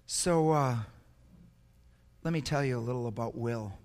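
A man's voice: medium pitch, a little slow, darkish tone. An older man preaching a sermon, telling a personal story in an earnest, emotional way with frequent repetitions. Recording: echoey hall.

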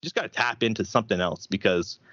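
Man, podcast guest, lively rambling chat, dry dull lo-fi sound. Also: fairly low pitch, quick pace, no room sound. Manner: animated, rambling with fillers. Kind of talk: casual interview chat.

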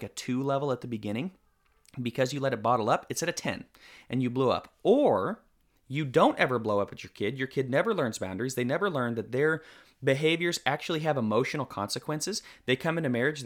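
A man's voice: medium pitch, a bit bright. A man talks through his points with emphasis, building one argument on the next. His voice sits in a middle register. It is a casual podcast discussion. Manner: emphatic, argues in long runs of points. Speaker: co-host.

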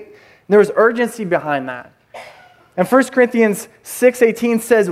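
Animated man preaching a casual sermon. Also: high voice, a little slow. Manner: conversational, animated storytelling with many fillers. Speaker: pastor. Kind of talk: sermon with personal story.

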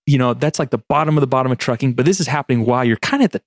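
A man co-hosting a casual podcast who cuts in with teasing asides and jokes. His voice sits at an everyday pitch, recorded dry and close. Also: rapid-fire, no room sound. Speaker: podcast co-host. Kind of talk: casual chat.

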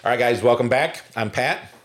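A man's voice: medium pitch, normal speed, music in the background. A man co-hosting a podcast, talking casually and rambling with many ums and restarts. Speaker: podcast co-host.

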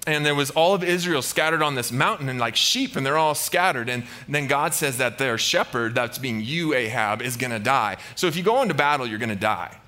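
A man's voice: mid-range voice, lively intonation, brisk, hardly any pauses, sharp tone. A man preaching a casual sermon, retelling a Bible story playfully and slipping into goofy character voices.

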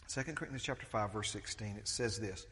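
A man's voice: fairly low pitch, fast, a bit bright, in a large hall, a little hiss or hum. A man preaching a conversational sermon as pastor, with many restarts and acted-out quotes.

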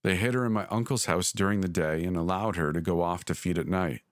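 Deliberate and measured, a very deep-voiced man narrates a scripted horror tale for a podcast. The sound is close and dry, without any echo.

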